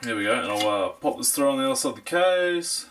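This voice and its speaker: A man's voice: medium pitch, animated, fast, fairly bright tone. A young man with a New Zealand accent giving a casual, jokey hands-on review of computer parts, rambling with fillers. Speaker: tech reviewer.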